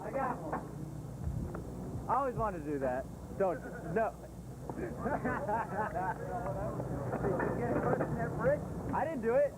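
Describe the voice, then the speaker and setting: Man joking between takes, loud tape hiss. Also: high-pitched, expressive, extremely slow, long pauses. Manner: joking, laughing. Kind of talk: casual banter between takes.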